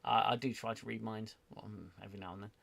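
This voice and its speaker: A man's voice: fairly low pitch, steady tone, fast talker, gravelly, a bit bright. A man hosting a casual livestream chat, rambling and self-deprecating, apologizing often as he reads viewer comments. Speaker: livestream host.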